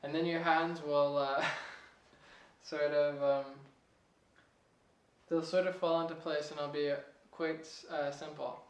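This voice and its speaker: A young man giving a casual piano lesson, relaxed and chatty, chuckling at himself now and then. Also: on the high side, slow, far from the mic, lo-fi sound. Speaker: piano teacher. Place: room with a piano. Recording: echoey room, voice off-mic.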